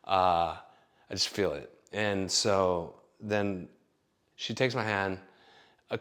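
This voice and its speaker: Deep-voiced man telling a rambling story. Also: a little slow, fairly bright tone. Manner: rambling, profane, filler-heavy. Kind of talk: casual storytelling.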